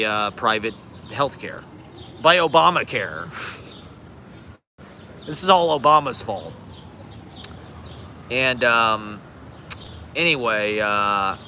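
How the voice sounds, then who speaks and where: A man's voice: on the low side, animated, slow pace, pauses often, sharp tone, a little hiss or hum. A man in his forties live streaming outdoors on a city street from a handheld phone, ranting in a rambling, profane, sarcastic and self-deprecating way. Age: 40s. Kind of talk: casual live stream rant.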